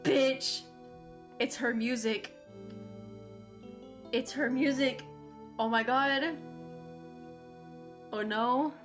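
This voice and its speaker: A woman's voice: on the high side, fairly even intonation, very slow, long pauses, fairly bright tone. A young woman streaming a game, making crude, swearing, joking asides between the dialogue. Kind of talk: casual gameplay commentary. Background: game music.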